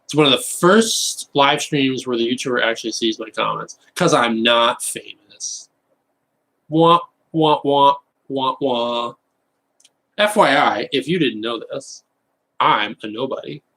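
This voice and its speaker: A Californian man chatting and joking with his live-stream audience, animated and quick to go off on rapid rants. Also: mid-range voice, vocal fry, rough recording. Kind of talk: casual live-stream chat.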